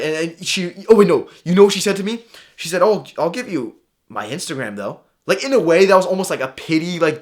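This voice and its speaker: Young male vlogger with a slightly high voice, casual and animated, voices his own inner monologue. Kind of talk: casual storytelling to camera.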